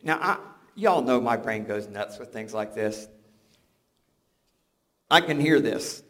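A man's voice: mid-range voice, expressive, slow, fairly bright tone. An older man preaching a sermon, conversational and joking, often restarting his words. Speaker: pastor.

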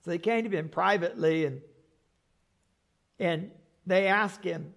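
A male pastor preaching a sermon in an animated way, repeating words and adding joking asides. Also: high voice, measured pace, creaky, pauses often.

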